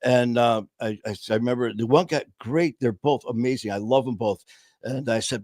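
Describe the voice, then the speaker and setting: A man's voice: mid-range voice, fairly quick, a little mellow, no echo. Male guest, mid-range voice, candid and foul-mouthed storyteller, dry studio sound. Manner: blunt, profane, acts out dialogue. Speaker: podcast guest.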